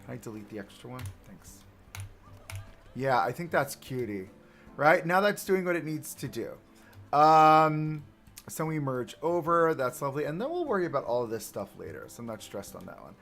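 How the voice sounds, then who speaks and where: A chatty male streamer talks his viewers through each step in a loose, self-mocking way. His voice has a gravelly fry to it and swings up and down a lot, with faint music playing underneath. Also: medium pitch, sing-song, moderate pace, a bit bright. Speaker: livestreamer. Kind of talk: casual game livestream commentary.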